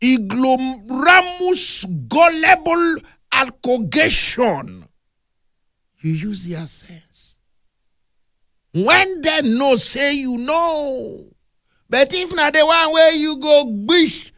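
A man with a Nigerian accent preaching a humorous, animated sermon that mixes storytelling with playful big words. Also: very high voice, drawn-out words, dry recording, studio quality.

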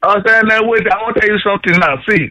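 A Nigerian man calling into a radio show, talking loudly and teasingly with repeated questions. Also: high-pitched, rough recording. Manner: loud, fast, teasing with repeated "eh?". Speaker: caller. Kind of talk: call-in radio chat.

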